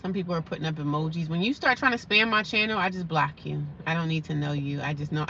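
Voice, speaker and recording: A woman's voice: low voice, fast, pushed and bright. A young woman chatting casually on a livestream, reading viewers' comments aloud and answering them. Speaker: livestream host. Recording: slightly dull lo-fi sound with faint background noise.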